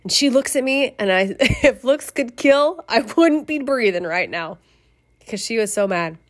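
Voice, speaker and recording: A middle-aged woman casually telling a personal memoir, animated, swearing and laughing as she goes. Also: a little high, unhurried. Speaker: storyteller.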